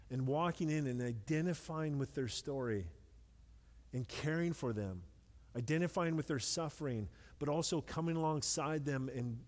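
A middle-aged man preaching a sermon in a relaxed, conversational way, with light self-deprecating humor and words repeated when he stresses a point. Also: medium pitch. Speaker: pastor. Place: church sanctuary with long reverb. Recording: long hall reverb.

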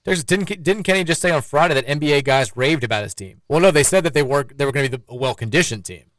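Fast-talking male sports radio host. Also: on the high side, fairly bright tone, dry recording. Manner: reads listener texts aloud, quick rambling delivery. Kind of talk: casual sports talk.

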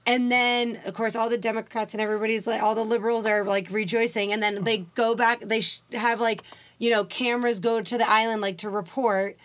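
A woman's voice: a little high, fairly quick. A woman co-hosting a podcast, chatting casually and rambling with lots of "like" as she retells stories. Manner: rambling, heavy use of "like", animated retellings. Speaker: podcast co-host. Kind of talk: casual chat.

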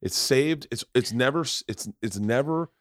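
A man's voice: medium pitch, expressive, normal speed, no room sound. Man, podcast host, casual storytelling, swears a lot, acts out quotes, dry close sound. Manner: swears freely, acts out other people's lines in the story. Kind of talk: casual chat, animated storytelling.

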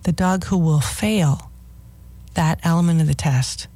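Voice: mid-range voice, measured pace, warm tone, dry recording. A radio host of a dog-training show, giving firm, instructive advice as a list of do's and don'ts.

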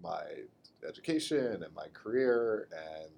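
A man co-hosting a podcast, talking casually about an old movie in an animated, rambling way with lots of fillers. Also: on the low side, a little slow, creaky, slight background noise. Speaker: podcast co-host. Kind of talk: casual film discussion.

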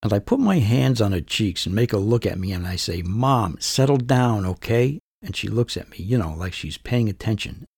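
A middle-aged man narrates a first-person story as a podcast host, wry and conversational. His voice is low, gravelly and husky. The recording is dry and close. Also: lively intonation, fairly quick, hardly any pauses, darkish tone, no room sound.

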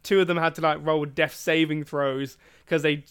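A man talks casually on a gaming podcast. His voice sits a little high, and he tells his stories with energy. He acts out what each person said. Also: normal speed, clean tone. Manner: animated storyteller, acts out quotes. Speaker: podcast co-host.

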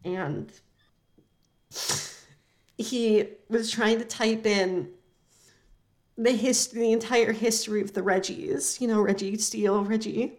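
Woman, podcast co-host, deadpan, rambling, dry comic chat, mid-pitched voice. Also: slow, pauses often.

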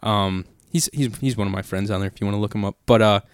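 Relaxed young man telling stories. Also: lowish voice, fast, clean tone, no echo, studio quality. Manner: loose, profane, rambling storyteller. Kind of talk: casual storytelling chat.

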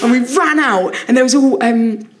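Casting note: woman comedian, lively anecdote teller, slightly higher voice, laughing through it. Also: normal speed, background noise. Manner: animated storytelling, frequent laughter, swearing. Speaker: comedian guest. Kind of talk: casual anecdote on a live podcast.

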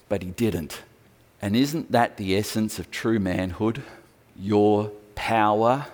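A male pastor preaching a sermon, telling stories with animated emphasis. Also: on the low side.

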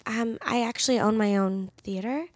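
A woman's voice: a little high, moderate pace, no room sound, studio quality, natural voice. A woman playing an eager, hammy accent coach in an improv comedy sketch. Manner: eager, over-the-top, hammy.

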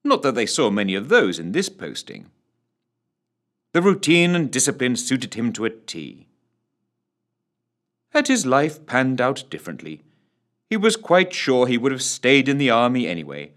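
A man narrating an audiobook in an expressive storytelling manner. His pitch is mid-range but swings very widely as he reads. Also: moderate pace, long pauses.

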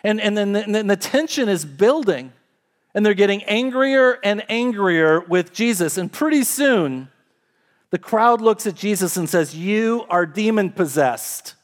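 High-voiced man preaching a sermon. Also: lively intonation, measured pace. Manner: storytelling, conversational, rising and falling emphasis. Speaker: pastor.

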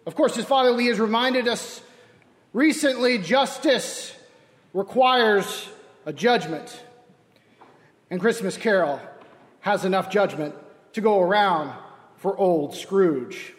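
High-voiced priest in a reverberant church. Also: male voice, takes it slowly, pauses often. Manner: wry, self-deprecating storytelling. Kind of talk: sermon.

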